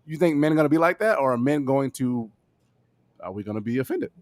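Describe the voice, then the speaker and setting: A man co-hosting a podcast in casual chat, animated, acting out imagined scenarios. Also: mid-range voice, brisk, no echo. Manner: animated, acts out scenarios in quoted voices. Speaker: podcast co-host.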